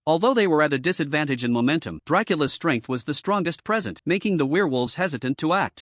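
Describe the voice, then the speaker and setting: Lively, higher-pitched male story narrator. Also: quick pace, dry recording, clean studio sound. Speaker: recap narrator. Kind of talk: scripted narration.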